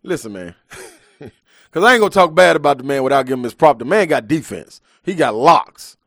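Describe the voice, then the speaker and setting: A man's voice: medium pitch, very animated, a little fast, a bit bright, dry recording, studio quality. A man hosting a live sports talk show, ranting emphatically in heavy slang.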